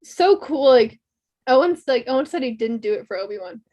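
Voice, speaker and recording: A woman co-hosting a fan podcast, recapping episodes in a casual, animated way and acting out characters' lines. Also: high-pitched, a little fast. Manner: animated storytelling recap, laughs often, acts out quotes. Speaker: podcast co-host.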